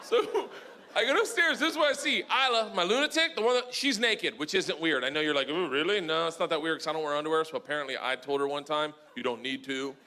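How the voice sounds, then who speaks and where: A high-pitched, animated middle-aged male comedian telling a stand-up story, his voice swinging wide between low asides and shouted peaks. Noise from the live room hangs behind him. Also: fast talker. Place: live comedy venue with audience.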